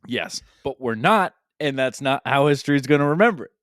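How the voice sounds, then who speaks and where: A man with a clear, smooth voice, co-hosting a casual sports podcast. He talks with gleeful mockery and swears casually. The recording is dry and close. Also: medium pitch, animated, brisk, a bit bright, no room sound. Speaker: podcast co-host.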